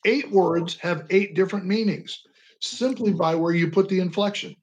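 A man's voice: fairly high pitch, expressive, brisk. An older man talking as a radio interview guest, telling stories earnestly and with passion, leaning on inflection for emphasis. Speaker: guest, veteran advocate. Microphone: radio call-in line.

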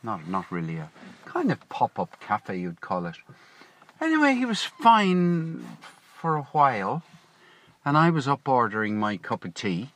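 A man's voice: medium pitch, wildly swooping pitch, unhurried, a bit bright, no echo. A man telling a long, rambling story to camera in a casual vlog, often correcting himself and drifting into asides, speaking from a parked car. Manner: chatty, digressive, self-correcting. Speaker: vlogger.

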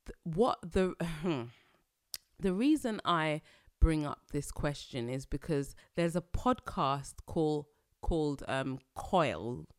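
A woman vlogger giving casual, animated commentary to her viewers, exclaiming often and laughing between points. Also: deep voice, slow, clean tone, no room sound, clean studio sound.

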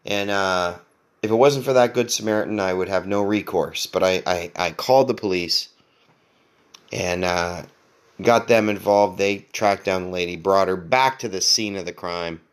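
A man's voice: low-pitched, normal speed, clear, resonant tone. A man hosting a podcast, telling a long story casually, with lots of swearing, restarts and laughter. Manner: rambling, profane, self-mocking, laughs often. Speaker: podcast host.

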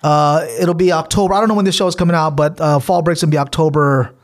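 A man, a teacher hosting a podcast, telling stories in animated casual chat and swearing freely. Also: on the high side, fast talker.

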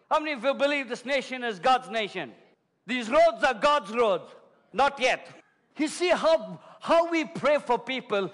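Man preaching, high voice, long hall reverb. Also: animated, normal speed. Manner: dramatic preaching, swings from shouting to hushed. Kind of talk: sermon.

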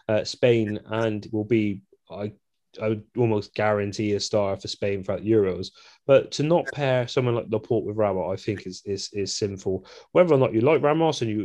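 A man co-hosting a casual football podcast, opinionated and animated, with quick asides. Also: lowish voice. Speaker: podcast co-host.

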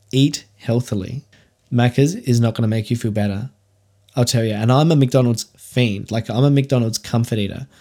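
A man's voice: medium pitch, mellow. Aussie guy doing a solo podcast, chatty and candid, lots of ums and restarts. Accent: Australian. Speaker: podcast host.

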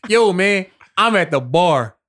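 A man's voice: sits high, animated, unhurried, fairly bright tone. A young man telling stories in a casual, slangy group chat, acting out quoted voices.

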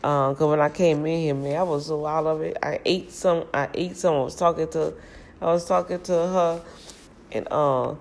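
A middle-aged woman, chatting casually in a storytelling vlog from a home kitchen, animated and laughing at herself. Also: deep voice, moderate pace, vocal fry. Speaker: vlogger.

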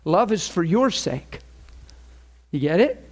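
A middle-aged man preaching, telling a story and acting out both sides of phone calls. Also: takes it slowly. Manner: animated, acts out phone calls with rising pitch. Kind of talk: storytelling sermon.

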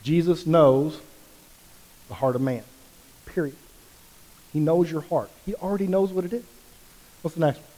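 A man preaching a sermon as pastor, with passionate emphasis that swings from quiet to loud. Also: fairly high pitch, normal speed, long pauses. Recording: long reverb of a large hall.

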